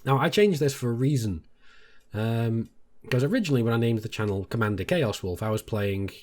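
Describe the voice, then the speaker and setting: A British man, a gaming YouTuber, telling a story to his viewers in a casual, animated way. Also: brisk. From Britain. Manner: animated, jumps much higher when quoting others.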